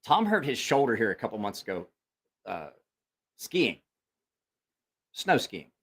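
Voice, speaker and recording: This man, a parent of a school-age child, hosts a laid-back livestream and wanders through a foul-mouthed story full of other people's quoted voices. He speaks in a fairly low, sing-song, fairly bright voice with a breathy edge, at a measured pace.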